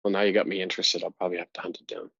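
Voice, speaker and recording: Chatty podcast host, muffled dry sound. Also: male voice, low-pitched, flat delivery, racing, gravelly, a bit bright, slightly rough, no room sound. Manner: laughs a lot, asks questions. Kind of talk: casual chat.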